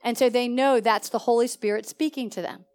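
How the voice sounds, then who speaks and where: A woman pastor teaching a sermon to her congregation in an animated, conversational way, often putting questions to the listeners. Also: fairly high pitch, fairly quick, smooth. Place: church service.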